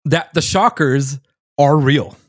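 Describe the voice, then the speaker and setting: A man's voice: a little high, takes it slowly, no room sound, studio quality. A man co-hosting a casual podcast, telling a story with lots of energy, laughing often and swearing casually. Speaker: podcast co-host. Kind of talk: casual chat.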